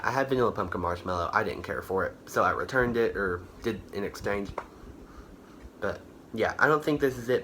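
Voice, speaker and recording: In this relaxed product review, a man talks through his candle haul in a lowish, bright, forceful voice. His delivery wanders, packed with fillers and corrections, and he seems somewhat weary and breathless against slight background noise.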